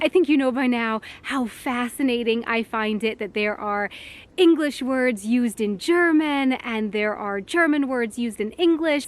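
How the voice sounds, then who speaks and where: A young woman talks to a handheld camera out in public, chatty and quick to laugh. Her voice sits fairly high and bright, a touch self-conscious. Casual vlog talk. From United States. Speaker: vlogger. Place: outdoors in public.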